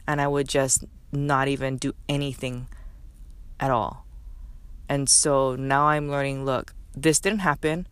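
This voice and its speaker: A woman's voice: low voice, fairly even intonation, normal speed, dry recording. A woman hosting a podcast, talking alone in a candid, motivational way, coaching herself aloud. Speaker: podcast host. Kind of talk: solo motivational podcast talk.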